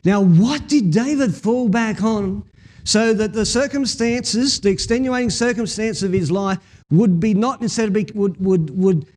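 A man preaching with a fairly high voice. He tells the story in an animated way, acting out the scenes as he goes and chatting with his listeners. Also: measured pace. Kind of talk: sermon.

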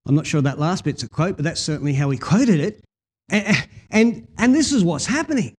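Man, preacher, fairly high voice, animated storytelling sermon. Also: a little fast, breathy edge. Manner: animated storytelling, acting out scenes.

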